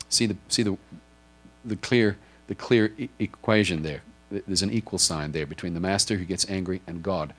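A pastor with a low-pitched voice preaches to his congregation at a normal speed. He earnestly explains his points using a drawn board and asks listeners directly whether they follow.

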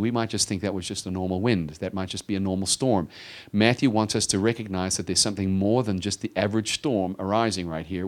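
A man preaching an expository sermon in an emphatic, teacherly way, often stammering and restarting his phrases. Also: fairly low pitch. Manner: emphatic, teacherly, rises in volume on readings. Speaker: pastor teaching the Bible.

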